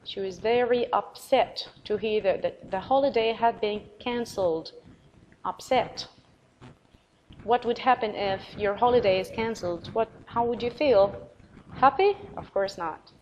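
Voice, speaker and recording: A woman teacher with an Arabic accent giving a recorded English vocabulary lesson, encouraging, spelling words out letter by letter and repeating them slowly. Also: mid-range voice, darkish tone, highs cut off, slight background noise.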